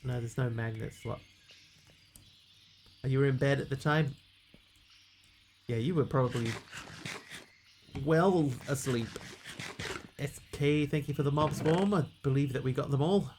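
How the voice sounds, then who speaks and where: Man, gravelly voice, game streamer, casual viewer chat, yelps at hits, clear background noise. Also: medium pitch, a little slow, pauses often, darkish tone. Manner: reacts aloud to in-game hits while chatting with viewers.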